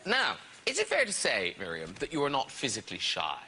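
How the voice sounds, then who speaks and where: A man's voice: mid-range voice, huge pitch swings, brisk, pushed and bright, slight background noise. A man hosting a talk show, asking teasing, playful questions. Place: TV studio.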